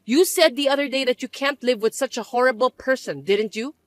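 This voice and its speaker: A woman voicing a scheming, bossy middle-aged mother-in-law who talks in a shrill, accusing way. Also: brisk, no echo, natural voice. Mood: self-pitying. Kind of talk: dramatized story voice acting.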